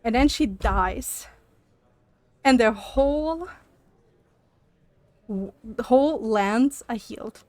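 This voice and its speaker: Young woman streamer kinda out of breath, walking while talking, highish voice, dry mic. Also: takes it slowly, long pauses, dry recording. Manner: animated, swearing, laughs often. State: slightly out of breath, on a walking pad. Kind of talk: casual chat with live chat.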